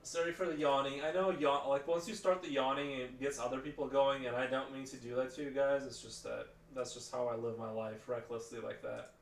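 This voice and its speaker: A man's voice: medium pitch, level tone, fairly quick, few pauses. A man chatting casually on a live stream, rambling with lots of fillers and restarts. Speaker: livestreamer. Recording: roomy, distant mic, faint background noise.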